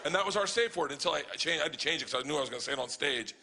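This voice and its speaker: A man performing stand-up on a club stage, telling stories in a profane, animated way. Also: a little high, racing, gravelly. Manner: profane, animated, acting out voices. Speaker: stand-up comedian. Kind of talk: stand-up storytelling.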